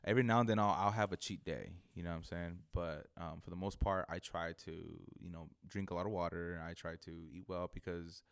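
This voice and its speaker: A man's voice: low-pitched, fairly even intonation, fairly quick, vocal fry, few pauses, clear, resonant tone. A young man, a barber guest on a podcast, chatting casually in a rambling, slangy way full of restarts. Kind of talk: casual chat.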